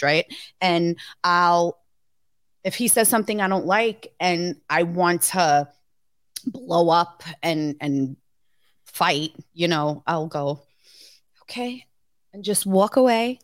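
A woman's voice: lowish voice, measured pace, dry recording, studio quality. A woman co-hosting a podcast in casual chat, frank and blunt, swearing freely. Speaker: podcast co-host.

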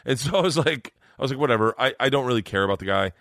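A man's voice: medium pitch, gravelly, no echo. A middle-aged man, a stand-up comedian, telling stories on a podcast and acting out the people in them. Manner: fast, animated storyteller acting out quoted voices. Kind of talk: casual podcast storytelling.

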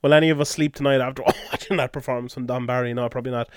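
A man hosting a podcast in casual sports chat, reading listener questions and answering quickly. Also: medium pitch, fairly even intonation, clean tone, no room sound, clean studio sound. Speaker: podcast host.

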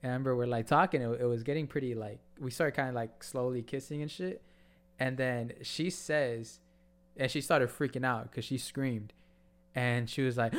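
A man's voice: mid-range voice, normal speed. A man with an ordinary mid-range voice tells a story in easygoing, slang-heavy chat. He trips over his words and restarts his sentences as he goes. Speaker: podcast co-host.

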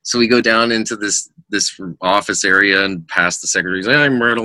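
A middle-aged man with a forceful, bright voice and a slightly low pitch tells rock-tour stories as a podcast guest. He slips into other people's voices for quotes and laughs as he goes. The sound is dry and close. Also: quick pace, few pauses, no echo. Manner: animated anecdotes, acts out quotes, laughs often. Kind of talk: casual storytelling in a podcast interview.

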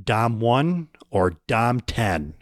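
A man's voice: medium pitch, very animated, no echo, studio quality. Playful man co-hosting a podcast. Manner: playful, builds absurd stories with quick bursts. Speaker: podcast co-host. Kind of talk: casual comedic chat.

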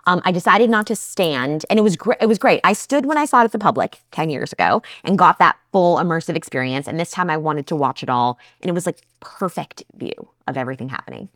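Chatty New woman, lowish voice. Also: lively intonation, fast talker, hardly any pauses, a bit bright, no room sound, studio quality. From New Jersey. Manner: chatty, enthusiastic, many fillers. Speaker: podcast co-host. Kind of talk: casual chat.

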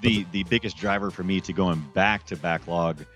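A man co-hosting a gaming podcast, chatting in an animated way, laughing easily and stumbling over restarts. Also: low-pitched, normal speed, soft background music. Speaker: podcast co-host. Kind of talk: casual chat.

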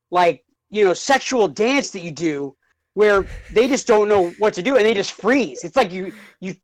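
A man's voice: high voice, no room sound, low-quality recording. A man in a casual podcast chat, spinning playful, rambling ideas with lots of fillers.

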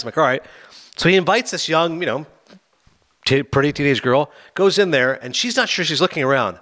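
A man hosting a casual film review chat, talking fast and acting out scenes in quoted voices. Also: medium pitch, expressive, a bit bright.

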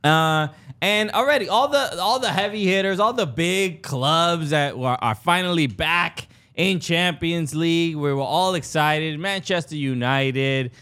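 A man's voice: fairly high pitch, a little slow, few pauses, sharp tone. A man co-hosting a sports podcast in a casual chat, laughing often and filling with "uh" and restarts. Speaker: podcast co-host.

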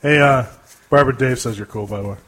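A man hosting a podcast, joking around in casual chat with dark humor. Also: medium pitch, brisk. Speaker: podcast host.

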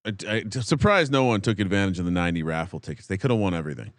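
Casual male podcast co-host, excitable, stammers often, curses casually; dry close mic. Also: sits low, racing, no room sound. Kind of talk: casual fantasy draft banter.

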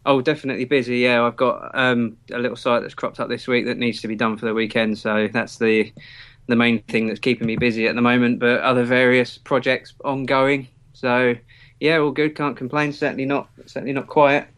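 Chatty podcast host. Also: male voice, mid-range voice, level tone, fairly quick, fairly bright tone. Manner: chatty, self-deprecating, laughs often. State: slightly sore throat. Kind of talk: casual chat.

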